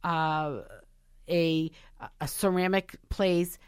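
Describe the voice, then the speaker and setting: A woman's voice: on the low side, fairly even intonation, very slow, smooth, dry recording, studio quality. A woman chatting casually on a talk show, going through points from a list and adding her own stories.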